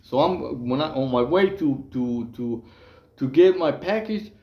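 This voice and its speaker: A man's voice: mid-range voice, expressive, a little slow, echoey room, highs cut off. A man from Mexico, casually telling prison stories in a rambling way, full of fillers, restarts and slang. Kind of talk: casual storytelling monologue.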